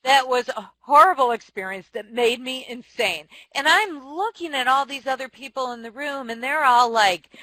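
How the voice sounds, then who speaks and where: A woman in her forties, a company chief and author, answering interview questions with frank, self-deprecating stories, quick laughs and restarts. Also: high-pitched, animated, sharp tone, dry recording, poor audio. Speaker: company CEO and author, guest. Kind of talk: candid interview storytelling.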